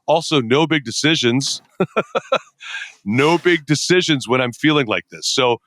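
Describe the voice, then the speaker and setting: Middle-aged man, guest on a podcast, animated storyteller who plays out his own thoughts, medium pitch, dry sound. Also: measured pace, no room sound. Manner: energetic storyteller who acts out his own inner dialogue. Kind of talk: conversational podcast interview.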